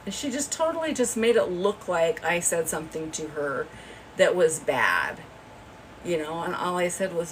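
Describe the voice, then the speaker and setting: Her voice low and expressive, the woman streaming live keeps up a moderate pace as she wanders through a gossipy tale, laughing frequently. The phone recording is distant and low in quality, with a faint hiss or hum.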